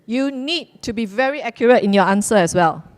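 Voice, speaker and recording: A woman's voice: on the high side, lively intonation, a little fast. A woman hosting a live quiz at a community celebration, playful and repeating her instructions, laughing now and then. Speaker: quiz host.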